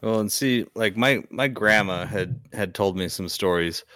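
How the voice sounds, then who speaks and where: With a fairly low, bright and forceful voice, a young podcast guest tells a ghost story at an unhurried pace. He's casual but hesitant and rambling, starting over many times, and the recording is dry with clean studio sound.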